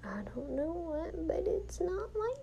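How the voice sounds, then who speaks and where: A woman's voice: very high voice, big pitch swings, a little slow, gravelly, dark tone, dull audio, a little hiss or hum. A young woman vlogging casually from her college room at night, rambling and often dropping into whispers. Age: young adult. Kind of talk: casual late-night chat.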